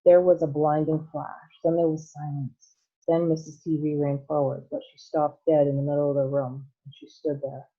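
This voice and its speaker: A woman teacher reading a storybook aloud to students in a steady storytelling manner. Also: low-pitched, normal speed. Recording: tinny phone-like line.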